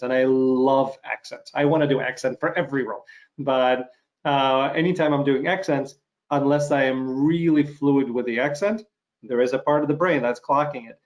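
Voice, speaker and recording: A man whose first language is Russian, hosting an interview and asking reflective questions with many ums. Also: medium pitch. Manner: reflective, frequent ums and you-knows. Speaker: interview host. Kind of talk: casual interview chat.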